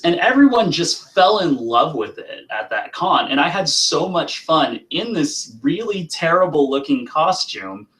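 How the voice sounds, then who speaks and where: A man's voice: mid-range voice, fairly bright tone, poor audio. A man, a guest prop maker, telling a self-deprecating story in casual chat. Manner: laughing, self-deprecating anecdote.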